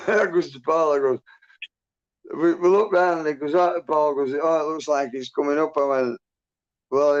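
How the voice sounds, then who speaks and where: A man's voice: medium pitch, vocal fry, dull audio. A man hosting a livestream, telling a rambling story in casual chat, swearing constantly and laughing as he goes. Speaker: livestream host.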